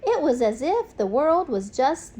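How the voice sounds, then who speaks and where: A woman reading a children's storybook aloud in an expressive, unhurried way. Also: sits high. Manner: expressive, unhurried, with gasps and sudden bursts. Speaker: narrator.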